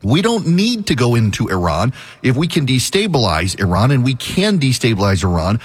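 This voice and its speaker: A man's voice: medium pitch, sing-song, moderate pace, slightly rough. A middle-aged man hosting a call-in radio show, slightly out of breath, talking in a rambling way with wry asides. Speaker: radio talk show host.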